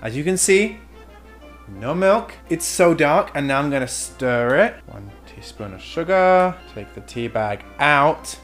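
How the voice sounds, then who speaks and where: Young English man, vlog co-host, playful mock-indignant banter, very animated intonation. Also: fairly high pitch, measured pace, faint music behind. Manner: teasing, mock-outraged, laughs often. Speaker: vlogger co-host. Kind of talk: casual couple vlog banter.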